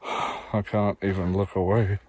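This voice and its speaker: Aussie man vlogging outdoors on a phone, shaken and out of breath, low voice. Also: level tone, unhurried, a little mellow. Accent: Australian. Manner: breathless, sighing, repeats himself. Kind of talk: handheld outdoor vlog. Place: woods, outdoors. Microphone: phone held in hand.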